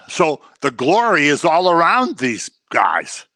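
A man preaching a sermon in an animated way, acting out the voices he quotes. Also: fairly high pitch, slow pace, no room sound.

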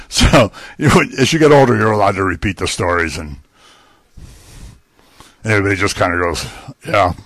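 A man's voice: on the low side, normal speed, long pauses, a bit bright, no echo. Older man preaching in an easy chatty way. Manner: conversational, joking asides. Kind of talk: sermon.

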